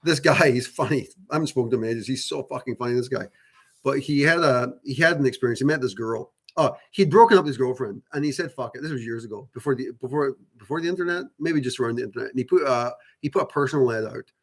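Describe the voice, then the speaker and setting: Talking to his channel's viewers about spiritual topics, a host rambles on at length in a casual style, heavy on fillers and restarts, with offhand swearing. His voice is medium in pitch, slightly rough, and quick-paced.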